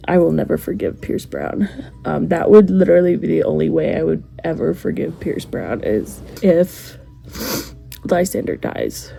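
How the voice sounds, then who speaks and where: A woman's voice: low-pitched, gravelly, dark tone, breathy edge. A woman talking emotionally about a book in a casual vlog, rambling and restarting her sentences. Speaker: book reviewer.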